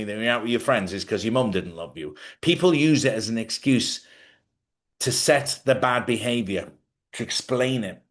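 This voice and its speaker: A man's voice: mid-range voice, animated, moderate pace. Blunt, forthright man giving life advice. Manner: blunt, forthright, swears freely. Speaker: host. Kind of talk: live advice talk. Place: lives in Spain.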